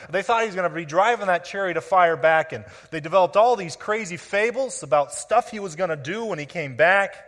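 A man's voice: sits high, a bit bright. A man preaching a sermon, explaining scripture and often restarting with repeated words. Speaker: pastor. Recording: long reverb of a large hall.

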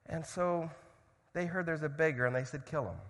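High-voiced man preaching in a reverberant hall. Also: moderate pace. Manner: dramatic, swings from loud shouts to hushed tones. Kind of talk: sermon with animated storytelling.

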